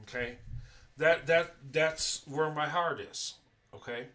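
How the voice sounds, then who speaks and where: Middle-aged man, slightly high voice, slow, sincere live-stream host. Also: sharp tone, far from the mic. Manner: earnest, repeats "okay?" often, halting restarts. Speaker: YouTube channel host. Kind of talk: livestream monologue.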